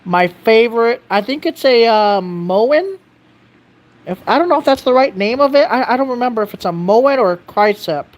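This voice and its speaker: Rambling, blunt livestreamer. Reads chat aloud, restarts sentences, swears casually, mid-pitched voice. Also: animated, normal speed. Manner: rambling, self-correcting, reads viewer comments aloud. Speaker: live streamer answering viewer chat.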